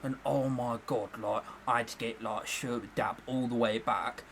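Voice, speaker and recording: A man's voice: medium pitch, fairly even intonation, normal speed, fairly bright tone, slight background noise, voice pushed down, lightly acted. A man impersonating his swaggering, chummy London boss, who rambles and keeps calling people "mate". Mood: rambling.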